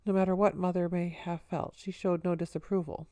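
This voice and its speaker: Low dry-voiced woman narrating. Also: little pitch movement, brisk, dark tone, no echo. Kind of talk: audiobook narration.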